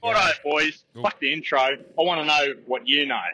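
A man's voice: on the high side, animated, moderate pace, sharp tone, slight background noise, low-quality recording. An Australian man leaving a blunt, rambling recorded voice message. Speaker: caller.

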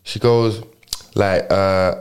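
A man's voice: on the low side, fairly even intonation, very slow. A young man with a London accent, telling a rambling story in casual chat, full of slang and restarts.

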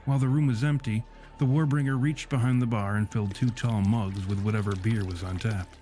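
A man narrating a gritty fantasy story in a steady, measured audiobook delivery. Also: fairly low pitch. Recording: faint music underneath.

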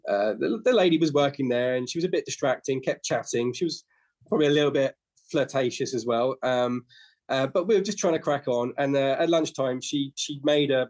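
A man's voice: medium pitch, a little mellow. A man in his fifties or sixties, a podcast guest who tells long, rambling anecdotes with frequent restarts. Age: 50s to 60s. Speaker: podcast guest, flooring business owner. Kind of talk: casual interview storytelling.

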